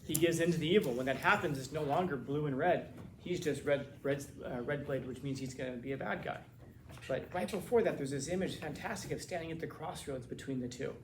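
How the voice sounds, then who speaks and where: A man's voice: on the high side, brisk, echoey room, a little hiss or hum. A man teaching a classroom lecture in a casual, conversational way, often repeating words as he searches for phrasing.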